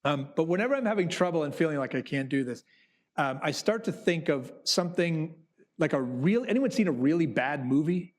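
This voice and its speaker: Animated man with a higher voice. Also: fairly quick. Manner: animated storyteller who acts out quotes. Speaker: Broadway producer. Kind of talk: conversational talk to business students.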